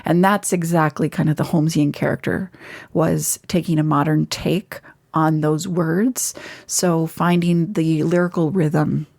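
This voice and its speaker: A woman guest, an actress, chatting in a casual interview in an animated, talkative way. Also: low voice, a little slow, gravelly. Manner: chatty, animated, laughs easily.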